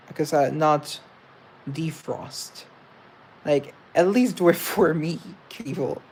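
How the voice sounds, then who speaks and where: Young man, mixed English accent, casual rambling chat, mid pitch, raspy fry. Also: a little mellow, slight background noise. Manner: rambling, self-correcting, quick asides. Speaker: host.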